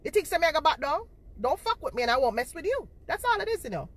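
A woman in her 40s confronts her viewers on a livestream, talking into a phone held in front of her face and repeating herself for emphasis. She talks fast in a high voice with big pitch swings, and the recording is dry.

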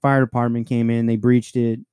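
A man's voice: mid-range voice, moderate pace, clear, resonant tone, dry recording, clean studio sound. Man telling profane cop stories. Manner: profane, laughing, animated storyteller. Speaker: podcast co-host, police sergeant. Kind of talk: casual storytelling chat.

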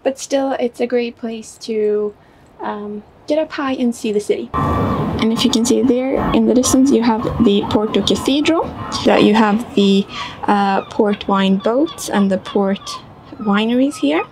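A woman narrating a casual travel vlog while walking around a city, relaxed, with plenty of ums and uhs. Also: on the high side, unhurried, background noise. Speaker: travel vlogger. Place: outdoors in a city.

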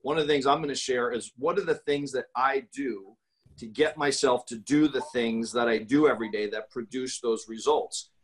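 A man talking casually on a podcast as a guest, pitching his talk with emphatic, salesy energy and acting out customer quotes. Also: moderate pace, rough recording. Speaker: guest speaker.

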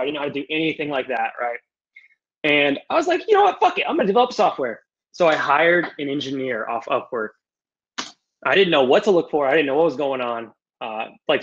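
A young man answering audience questions casually on a video call, loose and animated, with some swearing. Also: fairly high pitch. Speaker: guest speaker. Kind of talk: casual Q&A on a webinar. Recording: muffled lo-fi video call audio.

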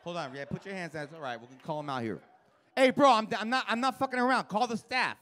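A man's voice: high voice, fast, a bit bright. A man doing live stand-up in a comedy club, working the crowd with a brash, profane, teasing manner into a handheld stage mic.

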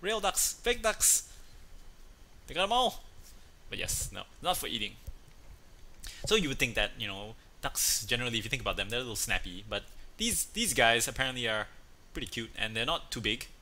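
Bright-voiced man chatting playfully. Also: medium pitch, lively intonation, fairly quick. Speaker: host. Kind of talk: casual chat, telling a joke.

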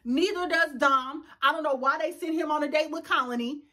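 A woman in her thirties with a high voice rants about a reality show in a casual, sassy way. She laughs often and talks straight to her viewers. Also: a little fast, pushed and bright. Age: 30s. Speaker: YouTube reviewer. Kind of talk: casual ranting commentary.

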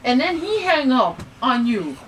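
A woman's voice: high-pitched, big pitch swings, unhurried, fairly bright tone, slight background noise, exaggerated voice. An actress playing a brash, profane sex worker demanding her money in a comedy sketch. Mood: furious. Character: fiery, loud-mouthed female sex worker demanding pay.

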